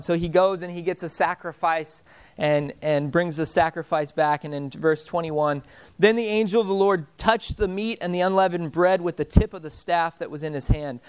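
A young man preaching a sermon in a conversational way, dropping soft and slow on key phrases. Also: sits high, clean tone. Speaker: pastor.

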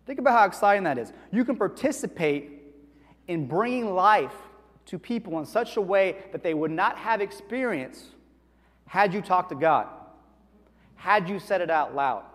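High-voiced pastor in a reverberant hall. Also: male voice, moderate pace. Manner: animated, asks the congregation questions. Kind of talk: conversational sermon. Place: church hall.

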